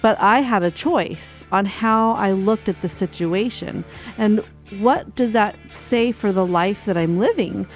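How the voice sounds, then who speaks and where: A woman's voice: mid-range voice, unhurried, soft background music. A woman radio host and therapist telling a personal story in a casual way, laughing often as she talks. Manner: laughs often while telling stories, animated. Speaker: radio show host and marriage and family therapist.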